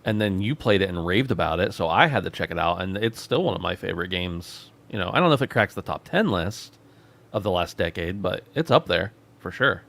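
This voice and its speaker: A man's voice: deep voice, expressive, brisk, creaky, a bit bright. A man hosting a gaming podcast, chatting casually and joking around as he runs the show. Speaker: podcast host.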